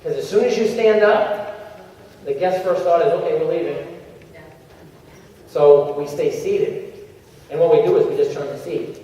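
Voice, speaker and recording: A man giving an energetic coaching talk to a convention crowd, acting out little scenes in changing voices. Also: a little high, moderate pace. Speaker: motivational speaker at a sales convention. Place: large convention hall. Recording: echoey convention hall, far from the mic, dull sound.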